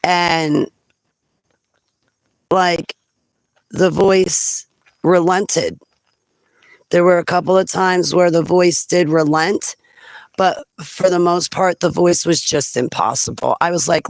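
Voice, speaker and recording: A woman's voice: low-pitched, fairly even intonation, takes it slowly, long pauses, no echo, poor audio. Woman vlogger, loose rambling monologue, laughs often; dry close recording. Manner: chatty, laughs often between thoughts.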